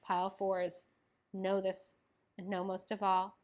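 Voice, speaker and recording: A woman's voice: medium pitch, monotone, slow pace, darkish tone. A young woman giving a tarot reading, talking in a gushing, effusive way with many fillers. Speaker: tarot reader.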